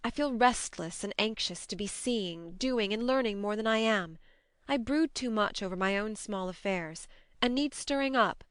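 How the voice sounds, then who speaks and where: Brief: spirited, impulsive young woman read by a woman, smooth and close, audiobook. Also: mid-range voice, dry recording, lightly acted. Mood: earnest. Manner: brisk, lively, impulsive. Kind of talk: audiobook narration.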